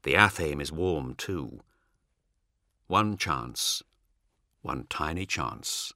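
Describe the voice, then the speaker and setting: A man reads a dark fantasy novel in a low, unhurried voice. His pitch moves expressively and his tone is bright and forward. The recording is dry and close, like a studio booth. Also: lively intonation, dry recording. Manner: measured, dramatic reading. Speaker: audiobook narrator. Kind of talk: scripted narration.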